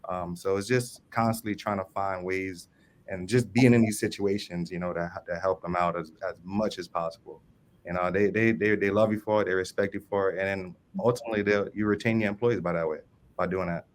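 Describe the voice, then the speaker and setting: Low-voiced man telling a story with restarts. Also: steady tone, a little fast, a little hiss or hum. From New Orleans. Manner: loose, repetitive, with many ums and restarts. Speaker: service manager panelist. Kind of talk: storytelling on a panel.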